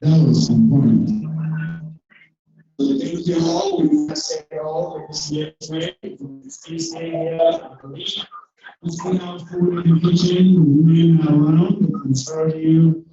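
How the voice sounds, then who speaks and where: A man acting as master of ceremonies, making formal, measured announcements to the guests. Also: on the high side, lively intonation, warm tone, faint music behind. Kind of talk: event announcements. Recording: very echoey hall, distant dull mic.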